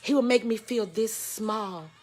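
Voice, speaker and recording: A Texas woman, candidly telling a personal story, frank and profane, swinging from loud outbursts to hushed lows. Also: a little slow. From Houston, Texas. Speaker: host.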